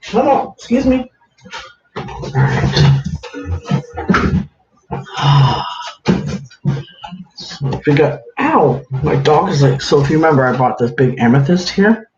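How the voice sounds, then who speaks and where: Brief: male streamer, slightly high voice, chatty and casual, greets viewers by name; echoey room, dull lo-fi audio. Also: big pitch swings, takes it slowly, long pauses, music in the background. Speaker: livestream host. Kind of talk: casual livestream chat. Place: home room with a counter. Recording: echoey room, dull lo-fi sound, faint hiss.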